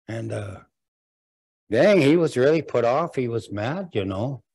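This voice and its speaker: A man's voice: mid-range voice, expressive, slow, pauses often, a little mellow, husky. A man telling a traditional winter story in a folksy way, with chuckling asides. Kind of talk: oral storytelling.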